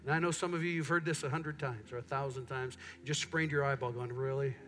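A middle-aged pastor preaches a sermon in a church sanctuary, speaking quickly in a mid-range voice while faint music plays behind him. He tells stories with animation, acting out what people say.

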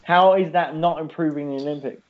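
Man, rambling casual chat, frequent swearing, somewhat high pitch, dull lo-fi sound. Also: a little fast.

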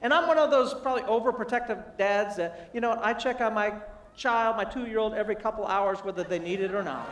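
Man, very high voice, animated, self-deprecating storyteller, heard from a distance. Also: a little fast. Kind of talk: humorous motivational sermon with storytelling. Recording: echoey, distant mic in a large room.

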